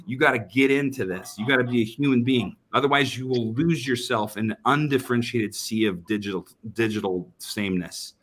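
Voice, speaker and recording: A man's voice: medium pitch, a little fast, hardly any pauses, fairly bright tone. Emphatic man telling a sales story. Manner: emphatic, repeats words and restarts often. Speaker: sales trainer guest. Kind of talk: animated storytelling in a podcast chat.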